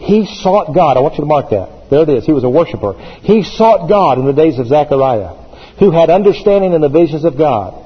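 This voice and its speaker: A man's voice: fairly high pitch, lively intonation, brisk, breathy edge, long reverb tail, lo-fi sound. A man, a pastor, preaching a sermon with emphasis, repeating phrases as he builds.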